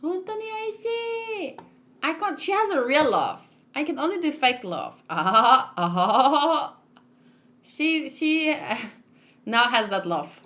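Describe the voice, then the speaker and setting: Woman hosting a casual manga read-along: high, bright voice, unhurried, chatty. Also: sing-song. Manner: chatty, self-interrupting, laughs often.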